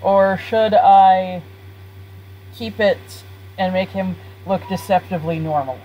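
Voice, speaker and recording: A woman's voice: mid-range voice, slow pace, lo-fi sound, slight background noise. A woman live-streaming a life-simulation game, chatting casually with her viewers and laughing often. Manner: giggly, chatty, talks to chat.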